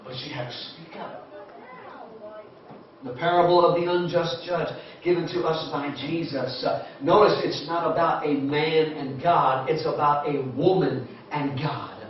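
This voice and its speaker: A man's voice: a little high, a little slow, a little hiss or hum. A man preaching a sermon, retelling Bible stories with impassioned exhortation. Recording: echoey hall, distant muffled mic.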